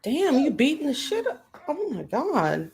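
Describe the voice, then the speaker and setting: A woman's voice: high voice, huge pitch swings, unhurried, darkish tone, a little hiss or hum. A woman hosting a livestream, giving blunt, sarcastic commentary with plenty of swearing. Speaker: stream host reacting to a livestream. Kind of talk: casual commentary.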